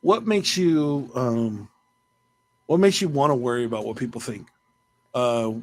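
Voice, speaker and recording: A man's voice: mid-range voice, lively intonation, measured pace. A man hosting a podcast, chatting casually with playful, self-mocking jokes and rambling asides. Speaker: podcast host. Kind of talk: casual interview chat.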